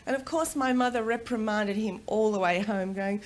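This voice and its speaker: A middle-aged Australian woman giving a personal storytelling talk at a conference, animated and quick to laugh. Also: fairly high pitch, slight background noise. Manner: animated, laughs often, acts out voices in quotes. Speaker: conference speaker. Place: conference room.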